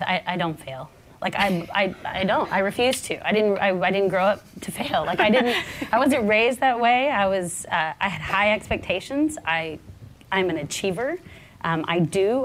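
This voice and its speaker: A woman in her forties telling a personal story on a panel, earnest and halting, her voice shaking with nerves. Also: medium pitch, slight background noise. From American South. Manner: halting, many restarts, earnest. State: nervous, voice shaking. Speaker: panel speaker.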